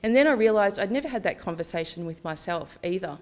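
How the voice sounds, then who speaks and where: Her mid-range voice is animated, fast, and a bit dark. She's a conference speaker delivering an open, talkative presentation of personal anecdotes, acting out each exchange of dialogue.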